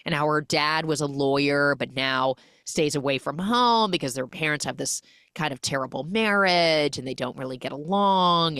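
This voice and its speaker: A woman hosting a podcast, casually recapping a film as an animated storyteller who acts out the characters' lines. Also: low voice, dry recording, studio quality. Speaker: podcast host.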